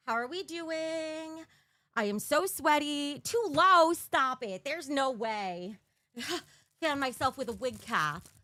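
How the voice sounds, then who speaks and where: A high-pitched woman streams live from her bedroom on a desk mic, chatting and giggling with viewers. Her voice is dry and close, with no room echo at all. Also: animated, takes it slowly, sharp tone. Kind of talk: casual live-stream chat.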